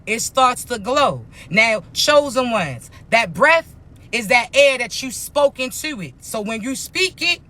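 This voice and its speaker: A woman coach delivers a motivational spiritual talk with a bright, forceful edge to her voice. She speaks bluntly and emphatically, in heavy slang with plenty of swearing. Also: a little high.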